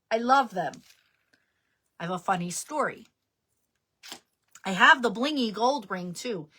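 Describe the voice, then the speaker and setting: A jewelry business guest speaker from New Jersey, with a New Jersey accent, gives business tips on a live stream, chatting casually and laughing at herself. Her voice is high-pitched, bright and forceful.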